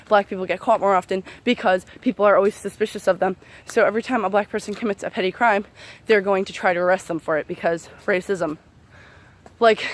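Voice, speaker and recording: A young woman ranting heatedly to camera as a vlogger, profane and sarcastic, with many fillers. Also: on the high side. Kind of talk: angry unscripted rant to camera.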